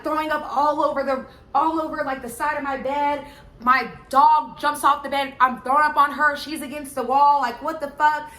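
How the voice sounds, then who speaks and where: A young woman telling a casual storytime, rambling with constant filler words and getting loud and excited. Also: sits high. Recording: echoey room.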